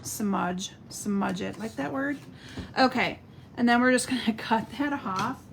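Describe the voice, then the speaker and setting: A woman's voice: a little high, normal speed, a little hiss or hum. A middle-aged woman demonstrating card making on a live stream, chatting and answering viewer comments as she works. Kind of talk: live-stream craft demo.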